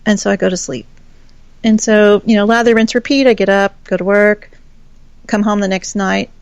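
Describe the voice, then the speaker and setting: Woman with a gravelly voice telling a story, blunt and chatty, swears a bit, muffled lo-fi sound. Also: mid-range voice, fairly even intonation, moderate pace, no echo. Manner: frank and chatty, with casual swearing. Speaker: podcast guest. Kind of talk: candid personal storytelling.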